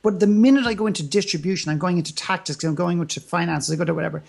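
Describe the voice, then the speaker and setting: A man's voice: high-pitched, very fast, vocal fry, a little mellow. A man speaking as an interview guest in a motivational conversation, emphatic and full of rhetorical questions and repetition.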